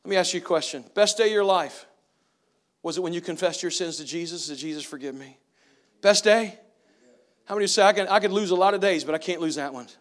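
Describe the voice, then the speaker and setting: A man's voice: fairly high pitch, fast talker. A middle-aged man preaching a sermon as pastor, often asking the congregation for an "amen" or a "right?". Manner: preaching with call-and-response questions to the congregation.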